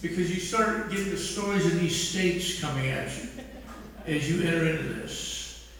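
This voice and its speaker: A man's voice: a little high, a bit bright. An older man, an author telling self-mocking stories to an audience in a large hall. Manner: anecdotal, self-mocking, drawn-out delivery. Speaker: author speaking at an event. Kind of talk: humorous storytelling talk. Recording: echoey hall, distant mic, faint noise.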